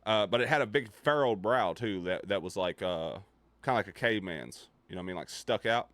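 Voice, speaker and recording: A young man streaming live, telling a story casually and profanely, dropping his voice low and quiet for suspense. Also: lively intonation, brisk, no echo. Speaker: livestreamer.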